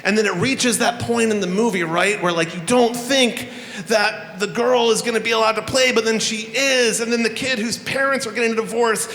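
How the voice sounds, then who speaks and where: A man's voice: high voice, fairly even intonation, normal speed, a bit bright, slight background noise. A man hosting a live festival opening on a handheld microphone, addressing the crowd in a playful, profane, theatrical way. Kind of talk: live stage address to an audience. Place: live venue hall. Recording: echoey hall with faint room ambience.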